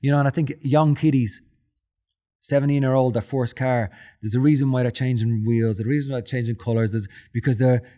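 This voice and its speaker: A man's voice: medium pitch, brisk. A man in his forties with a Dublin Irish accent, a podcast guest telling stories in a casual interview and acting out his own quotes with feeling. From Ireland. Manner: emotional, animated storyteller who acts out his own quotes.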